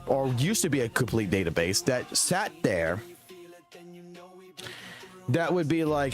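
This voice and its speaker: A man's voice: mid-range voice, sing-song, measured pace, pauses often. A man streaming games and ranting heatedly, with heavy swearing, in casual talk. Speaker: game streamer. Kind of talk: casual gaming stream rant. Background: faint music.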